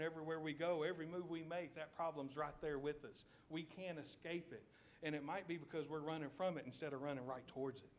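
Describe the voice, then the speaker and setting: In church, a Southern-accented man with a voice on the high side preaches, painting a story vividly and prompting his listeners to envision each scene. Some slight background noise can be heard.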